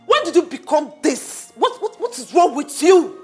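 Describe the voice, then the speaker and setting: An indignant, scolding friend. Her voice is high, and her pitch swings in lively jumps. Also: normal speed, faint music behind. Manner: scolding, incredulous.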